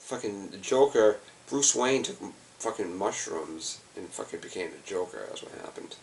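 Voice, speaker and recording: A man's voice: low voice, animated, moderate pace, creaky, a little mellow, far from the mic, a little hiss or hum. An exhausted man rambling in a loose, profane way, with lots of fillers. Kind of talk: rambling personal video monologue.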